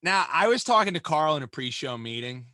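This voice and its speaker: A man co-hosting a casual sports podcast, talking in a playful, boastful way with halting restarts. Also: a little high, very animated, bright, forceful tone, dry recording. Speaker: podcast co-host.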